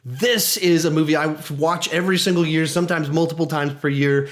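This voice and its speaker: Brisk and fairly high-pitched, a man offers an eager, informal movie review. He keeps restarting his thoughts and performing quoted lines with animation.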